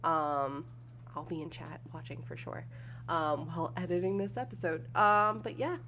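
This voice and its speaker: A woman's voice: low voice, moderate pace, fairly bright tone, slight background noise. A woman game master wrapping up a stream, upbeat and casual, with lots of fillers and "y'all".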